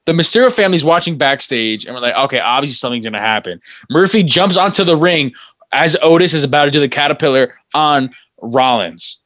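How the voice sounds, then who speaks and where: A man's voice: fairly high pitch, animated, a little fast, a bit bright, dry recording. A man co-hosting a casual wrestling podcast, recapping matches play-by-play. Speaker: podcast co-host. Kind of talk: casual chat.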